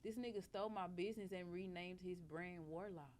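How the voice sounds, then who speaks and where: A woman telling a story in casual chat on a podcast, animated and profane, acting out the lines she quotes. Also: lowish voice, brisk, a little hiss or hum. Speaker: podcast guest.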